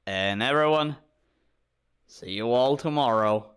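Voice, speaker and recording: A tired man streamer wrapping up a game stream, speaking in a halting, friendly way and often repeating himself. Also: mid-range voice, a bit bright, clear, resonant tone. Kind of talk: casual stream sign-off.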